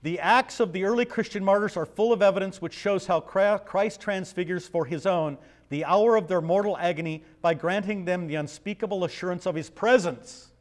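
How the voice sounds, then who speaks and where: Male pastor, slightly high voice, conversational bible teaching, asks the room questions. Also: moderate pace. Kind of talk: Bible study sermon.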